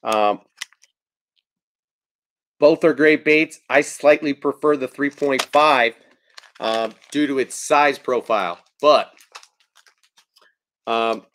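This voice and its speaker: A man hosting a live-stream fishing video, talking in a relaxed, rambling way with frequent ums while he answers viewers' chat. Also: medium pitch, a little hiss or hum. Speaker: fishing channel host. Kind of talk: casual live-stream product talk.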